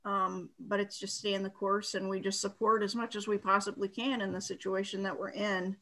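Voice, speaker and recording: Bright-voiced woman on a school board. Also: mid-range voice, level tone, moderate pace, rough recording. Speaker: school board member and parent. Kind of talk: comments at a board meeting.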